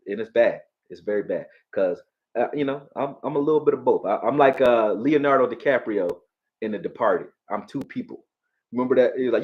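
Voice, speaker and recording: A man from Philadelphia with a Philly accent, hosting a live football stream, profane and animated, talking back to his chat. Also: mid-range voice, brisk, phone-quality sound. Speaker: sports streamer.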